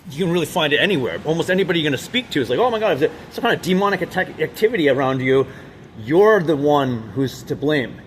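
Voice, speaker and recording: A man talking in an unscripted monologue, rambling and halting with many restarts and fillers, and speaking with intense emphasis. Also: a little high, slight background noise. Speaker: vlogger.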